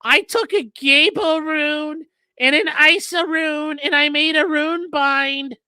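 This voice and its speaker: A man's voice: extremely high pitch, slow pace, pushed and bright, dry recording, voice pushed up, exaggerated voice. A man putting on the voice of a dopey grown man boasting about his runes, goofy and drawn out.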